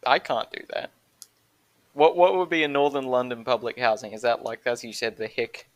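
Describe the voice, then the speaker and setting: A man's voice: medium pitch, fairly even intonation, moderate pace, dry recording. Laughing Australian man, dry sound. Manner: rambling, self-interrupting, laughs often mid-sentence. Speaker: podcast guest. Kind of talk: casual chat.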